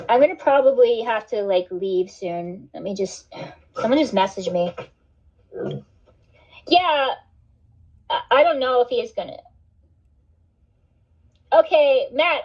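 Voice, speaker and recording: A woman chatting on her livestream, rambling and cursing, with "like" and "dude" all through her talk. Her voice sits a bit high. The audio is dull and lo-fi. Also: a little mellow. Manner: rambling, swears a lot, says "like" and "dude". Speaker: livestream host. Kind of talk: casual livestream chat.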